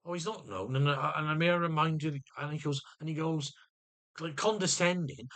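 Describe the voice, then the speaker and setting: A man's voice: fairly high pitch, moderate pace, a bit bright. A man venting to camera in an agitated monologue, often restarting and repeating his words. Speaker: vlogger.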